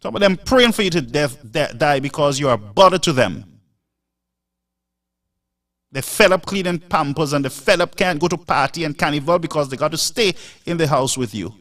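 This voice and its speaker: Lecturing man, slightly high voice. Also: animated, moderate pace, fairly bright tone, recorded from a distance. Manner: emphatic, lecturing, rhetorical "Huh?" asides. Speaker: live show host. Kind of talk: preachy live-stream monologue.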